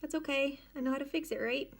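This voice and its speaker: Chatty woman walking through a how-to. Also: sits high. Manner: chatty and unhurried, narrating each step as she works. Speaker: nail tutorial host. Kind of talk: casual how-to demonstration. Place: dining room at home.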